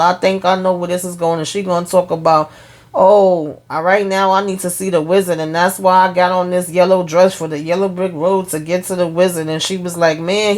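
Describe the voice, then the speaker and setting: A woman talks through a TV episode in a casual vlog. Her voice sits on the low side for a woman. She retells the scenes with quoted lines and is blunt and profane. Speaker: TV show recap host.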